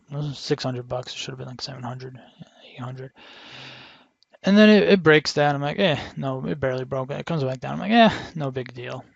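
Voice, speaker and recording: A young day-trader vlogger talks through his trades in casual screen-share commentary, rambling with frequent restarts and quoting his own thoughts. His mid-range voice is creaky, and the audio has no room sound but its highs are cut off.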